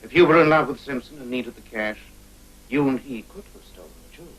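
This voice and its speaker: An actor playing a sardonic hard-boiled private eye. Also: male voice, mid-range voice, quick pace, slight background noise, natural voice, rough recording. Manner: dry, probing, sardonic. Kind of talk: 1950s film acting.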